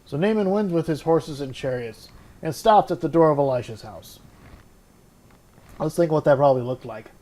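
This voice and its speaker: A man with a warm voice on the high side hosts a podcast where he reads scripture and then thinks it through out loud at a moderate pace. His casual Bible study talk is sprinkled with fillers and restarts. He openly admits unsure pronunciations.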